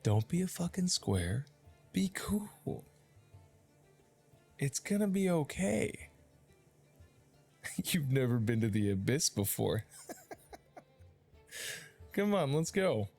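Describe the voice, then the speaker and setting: A man's voice: mid-range voice, very animated, slow, pauses often, a little mellow, soft background music, voice pushed up. A man voicing a brash, flippant male demon guide who talks crudely and with swagger. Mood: cocky.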